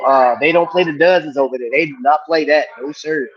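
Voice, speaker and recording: Man, middle-aged, relaxed livestream host, chatty, dull lo-fi sound. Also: fairly high pitch, a little fast. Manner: laid-back, chatty, laughs with viewers. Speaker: watch reviewer and livestream host. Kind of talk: casual livestream chat. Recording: dull lo-fi stream audio.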